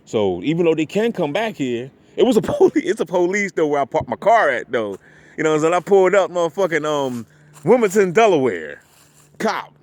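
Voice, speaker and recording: Profane, rambling man with a fairly high voice. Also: big pitch swings, fairly quick, darkish tone, no echo. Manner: profane, repetitive, street slang, frequent "you know what I'm saying". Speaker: vlogger. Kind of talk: casual rambling monologue. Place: outdoors at a park parking area.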